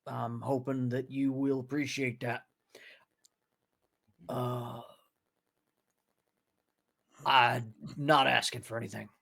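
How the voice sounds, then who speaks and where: Gravelly man playing a hesitant character. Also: mid-range voice, flat delivery, slow, long pauses, sharp tone. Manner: hesitant, many fillers. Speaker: player. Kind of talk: in-character role-play.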